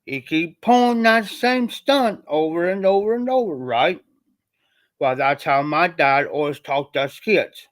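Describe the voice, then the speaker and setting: A man from Ohio rambles through a personal story on his livestream, repeating himself in a loose, colloquial style. His voice sits a little high for a man. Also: lively intonation, measured pace, a bit bright. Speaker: livestream host.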